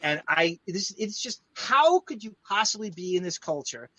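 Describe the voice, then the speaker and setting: Sarcastic guy ranting on a comedy podcast, bright voice, dry dull sound. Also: sits high, big pitch swings, moderate pace, dry recording. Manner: sarcastic, exasperated. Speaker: podcast co-host. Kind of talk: casual comedic commentary.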